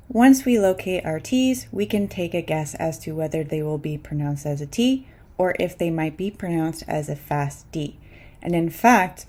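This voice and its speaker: Woman teaching pronunciation slowly. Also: deep voice, a little mellow. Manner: clear, deliberate, repeats example words slowly. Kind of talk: scripted pronunciation lesson.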